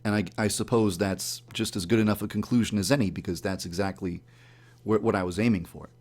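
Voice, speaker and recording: A man telling the story of a dream in a casual, animated way, acting out his own startled reactions in a higher voice. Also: fairly quick. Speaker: YouTube channel host.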